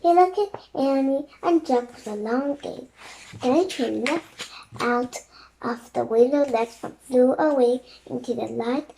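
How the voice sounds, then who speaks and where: A young reader narrating a children's chapter book aloud in a steady, plain read-aloud way. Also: sits high, unhurried, vocal fry, slight background noise. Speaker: storybook reader.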